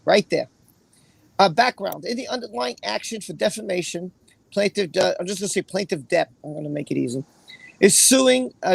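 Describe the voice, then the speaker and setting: A man hosting a casual livestream with a raspy voice, chatting and then reading a court opinion aloud in a rambling way. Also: sits high, dry recording. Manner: rambling, chatty, with fillers and repeated phrases. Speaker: livestream host.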